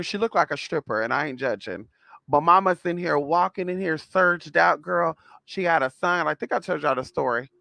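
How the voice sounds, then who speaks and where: Sassy guy ranting to his viewers, gravelly and kinda high, bright sharp tone. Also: no room sound. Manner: sassy and blunt, calls viewers girl and honey. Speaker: spiritual vlogger. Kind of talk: casual storytelling rant to viewers.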